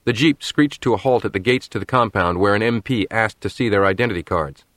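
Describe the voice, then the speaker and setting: Low-voiced man narrating an audiobook. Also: no echo, studio quality. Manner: measured, steady storytelling. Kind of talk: scripted narration.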